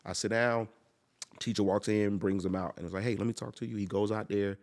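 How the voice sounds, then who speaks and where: A young man, a podcast guest, telling a personal story in a casual, animated way and acting out the people in it. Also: fairly low pitch, a little fast. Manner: animated, acts out quoted people.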